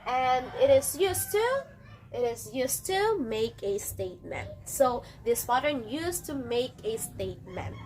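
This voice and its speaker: A woman's voice: high-pitched, very animated, a little slow, darkish tone. A woman teaching a grammar lesson to a class, repeating and restarting phrases as she explains.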